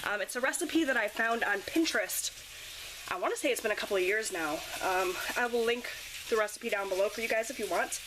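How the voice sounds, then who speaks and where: A mother in her thirties vlogs casually to camera from her home kitchen, speaking in a mid-range voice at a fairly quick clip. She's chatty and rambling, with frequent ums, and the home video recording is noisy.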